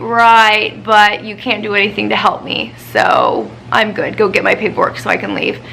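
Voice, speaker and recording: A woman's voice: mid-range voice, lively intonation, moderate pace, gravelly, hardly any pauses, pushed and bright, poor audio. A woman vlogger chatting casually, venting her frustration over a doctor's appointment after a week of crying. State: upset, recently crying. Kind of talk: casual chat.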